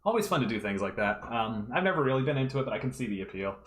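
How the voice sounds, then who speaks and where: Rapid-fire and full of big pitch swings, a man with a mid-range, slightly bright voice livestreams his drawing from a room at home. The fan artist casually talks viewers through each step, thinking aloud, with a reverberant sound.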